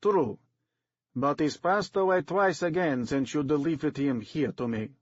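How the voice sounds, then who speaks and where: A man's voice: mid-range voice, animated, normal speed, breathy edge, no room sound. Thick-accented mad scientist man, grave and formal, a narrator puts him on, dry dull-sounding audio. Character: bald squat male mad doctor with a thick accent. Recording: dry, slightly dull lo-fi recording.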